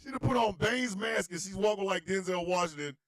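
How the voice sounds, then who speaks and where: A man hosting a comedy talk radio show, ranting in an animated, incredulous, shouting way. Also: high voice, a little fast, no room sound, studio quality.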